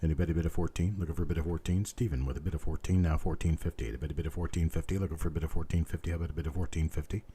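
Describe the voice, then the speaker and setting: Hoarse guy running a coin auction, super low, dark voice, calls bids over and over. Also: very fast, few pauses. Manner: steady bid-calling chant with chatty asides. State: losing his voice, hoarse. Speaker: live coin auction host.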